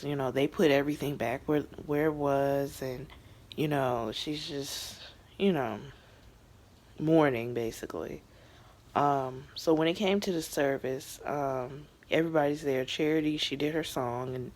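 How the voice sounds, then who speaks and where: Speaking at a moderate pace with a slightly mellow, medium-pitched voice, this young adult reviews a TV episode for a laid-back vlog. Expect lots of fillers, emotional chatter, and a few whispered asides.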